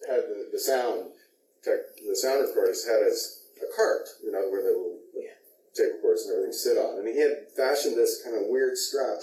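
A man's voice: medium pitch, a little mellow. A male actor in an interview, animatedly telling a behind-the-scenes story and laughing often. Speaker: actor guest. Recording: roomy, distant mic, faint noise.

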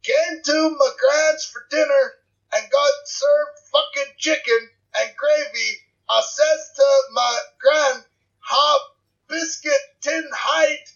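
A man's voice: extremely high pitch, a bit bright, lo-fi sound, full character voice. A Canadian man putting on a clumsy Scottish voice. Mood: crude, incredulous. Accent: Canadian trying Scottish. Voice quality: slow, sounded-out. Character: man reading a crude tweet in a Scottish voice.

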